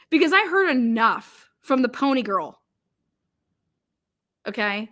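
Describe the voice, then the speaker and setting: A woman's voice: high voice, animated, normal speed, long pauses, a bit bright. A woman from Ohio hosting a live stream, ranting angrily with profanity and frequent restarts, and reading viewer comments aloud. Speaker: livestream host.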